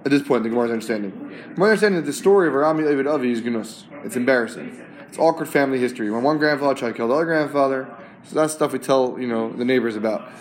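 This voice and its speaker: A man's voice: mid-range voice, very fast. A man teaching a Talmud class. He translates each term phrase by phrase and often checks in with his students.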